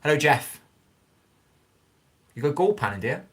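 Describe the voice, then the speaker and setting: A man's voice: a little high, very animated, measured pace, fairly bright tone. A middle-aged man hosting a casual livestream, reading viewer comments aloud and giving folksy advice while stumbling over names. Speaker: livestream host.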